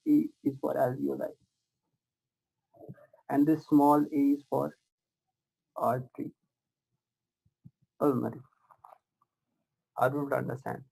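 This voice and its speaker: A man's voice: medium pitch, level tone, a little slow, vocal fry, pauses often, husky, rough recording. A man teaching a live online pathology class, asking his students question after question, correcting himself and using many fillers. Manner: repetitive questioning, addresses students warmly as "my dears" and "guys"; frequent fillers and self-corrections.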